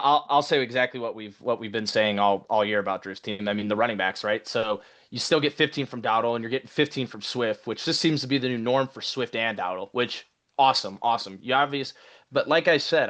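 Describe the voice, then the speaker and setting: Brief: male podcast co-host, relaxed analytical chat, middle pitch. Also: a little fast. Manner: conversational, repeats "right?" and "I mean". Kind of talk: casual sports podcast chat.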